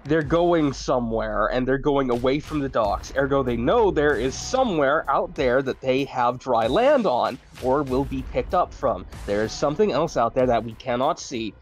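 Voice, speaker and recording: A man's voice: mid-range voice, lively intonation, moderate pace, few pauses, faint music behind. A man playing in a tabletop game, suspicious and reasoning things out aloud. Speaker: player. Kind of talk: casual tabletop play.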